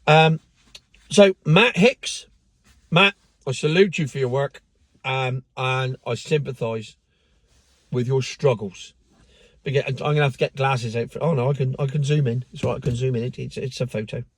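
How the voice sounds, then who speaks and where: A man's voice: medium pitch, moderate pace, no room sound. A man giving a sardonic, mocking rant in casual commentary, with the odd swear word. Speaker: car vlogger.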